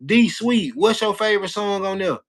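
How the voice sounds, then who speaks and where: A man's voice: sits high, expressive, moderate pace. A man hosting a casual live stream, chatting loosely with viewers in slang and repeating his phrases over and over. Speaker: livestream host.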